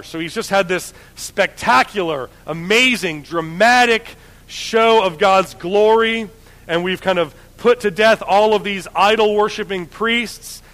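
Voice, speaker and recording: A man's voice: sits high, unhurried, fairly bright tone, poor audio. A man teaching the Bible, reading passages and retelling them in conversational everyday language. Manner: conversational, paraphrases scripture in everyday slang. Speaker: preacher.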